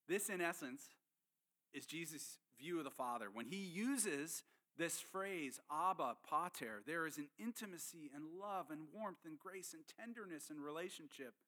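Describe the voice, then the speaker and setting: A man's voice: a little high, bright, forceful tone. A man pastor preaching a sermon in an earnest, emphatic teaching manner.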